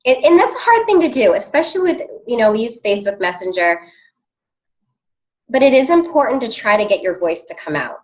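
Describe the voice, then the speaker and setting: A woman's voice: fairly high pitch, sing-song, brisk, darkish tone. Upbeat woman coach, chatty, filler-heavy, muffled call audio. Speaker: team coach leading a call. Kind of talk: motivational team call.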